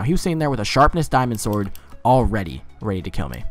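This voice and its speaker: A man's voice: fairly low pitch, sing-song, fast, hardly any pauses, faint music behind. Casual, swearing gameplay commentator guy. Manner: rambling, swears freely, easily flustered.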